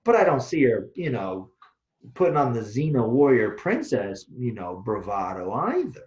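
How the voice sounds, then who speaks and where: A man rants bluntly and profanely, his pitch swinging up and down. The recording sounds muffled and lo-fi, and it carries a roomy echo. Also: moderate pace. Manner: blunt, profane, animated ranting. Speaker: co-host, Taoist teacher. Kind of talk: casual discussion. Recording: echoey room, dull lo-fi sound.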